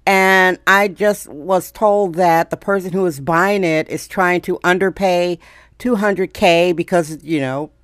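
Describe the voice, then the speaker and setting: A woman's voice: lowish voice, measured pace, no room sound, studio quality. Sarcastic ranting woman podcast host. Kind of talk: daily solo rant podcast.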